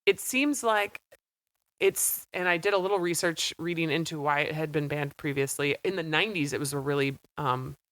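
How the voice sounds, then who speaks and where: Low-voiced chatty woman in her thirties. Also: moderate pace, no echo. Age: 30s. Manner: chatty, animated retelling with acted-out quotes. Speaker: podcast co-host. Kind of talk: casual chat. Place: small studio.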